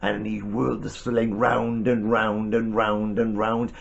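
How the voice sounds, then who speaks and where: A man with a lower voice tells a Bible story to a child, gentle and animated with chatty asides. The recording is dull and lo-fi. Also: unhurried, vocal fry, hardly any pauses.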